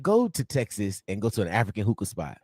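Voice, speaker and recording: A man co-hosting a sports livestream, telling stories in an animated, slangy way with lots of laughs. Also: on the low side, fast talker, no room sound, clean studio sound. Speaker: sports show co-host. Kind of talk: casual livestream chat.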